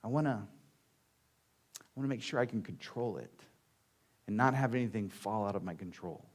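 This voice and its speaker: Man preaching in a conversational, animated way. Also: lowish voice. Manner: conversational preaching, acts out quotes with dramatic pauses. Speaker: pastor. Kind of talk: sermon.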